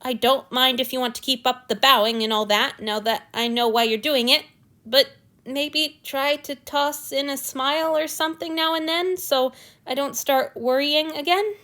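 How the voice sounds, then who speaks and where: A woman voicing an ancient male god who is awkward and anxious, speaking in a tense, halting, stiff way. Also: high voice, fairly even intonation, sharp tone, pitched above the performer's own voice. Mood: strained.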